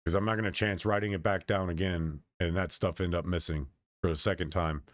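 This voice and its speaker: A man's voice: low-pitched, fairly even intonation, fairly quick, dry recording. A man streamer in his thirties talking in a meandering, casual monologue, often restarting and trailing off mid-sentence.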